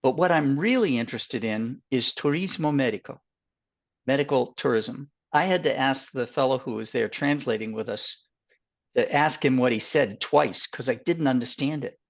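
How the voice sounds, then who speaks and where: An older man with a Boston accent, speaking as a guest consultant on a webinar over a video call, with many fillers and pauses. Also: medium pitch, gravelly. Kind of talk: webinar interview. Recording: dull lo-fi audio.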